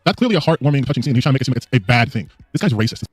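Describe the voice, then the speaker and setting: A man's voice: mid-range voice, expressive, racing, breathy edge, no room sound, faint music behind. A man giving casual reaction commentary, mocking and dismissive, full of filler words.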